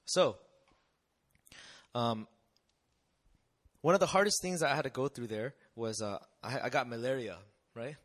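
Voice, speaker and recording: A young man telling a personal testimony to an audience in a conversational, animated way, often checking in with rhetorical questions. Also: mid-range voice, measured pace, long pauses. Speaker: missionary speaker.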